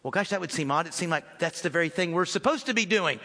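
American male pastor, high bright voice, lively conversational sermon in a reverberant church hall. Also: fast talker. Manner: animated, conversational, addresses congregation as folks.

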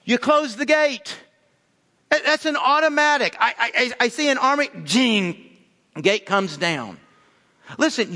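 A man preaching on marriage as a pastor, animated and conversational, acting out little asides as he goes. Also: a little high, big-room sound. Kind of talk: sermon on marriage.

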